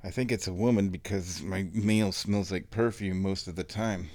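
Male vlogger, lowish voice, chatty and meandering, casual home-video storytelling. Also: steady tone, normal speed, a little mellow, slight background noise. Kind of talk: casual rambling vlog.

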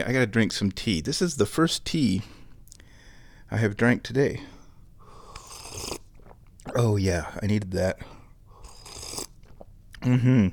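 A man's voice: fairly low pitch, slow, pauses often, a little mellow, no room sound. A man hosting his own show from home, chatting in a laid-back, rambling way. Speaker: streamer hosting a recurring show. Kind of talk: casual rambling chat. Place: indoors at home.

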